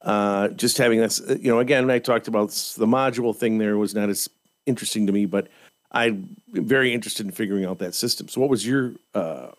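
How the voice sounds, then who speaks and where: A man co-hosting a podcast in casual chat, telling game anecdotes with lively energy and frequent laughter. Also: fairly low pitch, a little fast. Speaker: podcast co-host.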